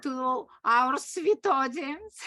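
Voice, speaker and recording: A woman from Russia with a Russian accent, an acting teacher telling stories in halting English and laughing often. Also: sits high, sharp tone. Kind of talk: conversational storytelling.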